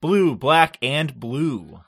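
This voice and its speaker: Podcast host, casual chat, mid pitch, laid-back, rambling, fillers. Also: big pitch swings, drawn-out words, gravelly, slightly rough.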